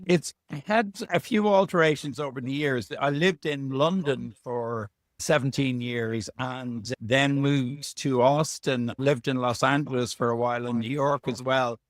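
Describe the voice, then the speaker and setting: Irish male author, mid-pitch, chatty storyteller, dry recording. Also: steady tone, unhurried, hardly any pauses, no room sound. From Ireland. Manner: chatty, anecdotal, self-deprecating. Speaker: author guest. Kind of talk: relaxed storytelling interview. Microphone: video call.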